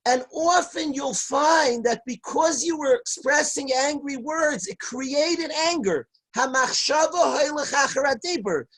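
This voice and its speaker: A man giving an earnest, emphatic Torah lecture as a rabbi, repeating key phrases and at times raising his voice to a shout. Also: very high-pitched, unhurried, few pauses, rough recording. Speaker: rabbi teaching a class.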